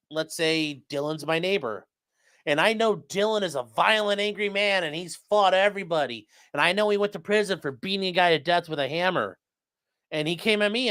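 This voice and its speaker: Man, attorney, casual trial commentary, high voice, bright tone, animated. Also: no room sound, clean studio sound. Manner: animated, slips into jokey put-on voices.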